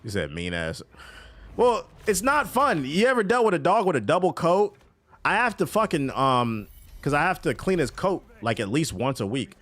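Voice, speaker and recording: Male streamer, casual and profane chatter over gameplay, very lively pitch. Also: moderate pace. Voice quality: profane, loose and animated. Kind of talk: casual chat while gaming on stream.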